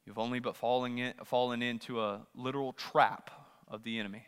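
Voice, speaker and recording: A man preaching a sermon as pastor, swinging between loud rising questions and hushed asides. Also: medium pitch, steady tone, a little fast, smooth, in a large hall. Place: church sanctuary.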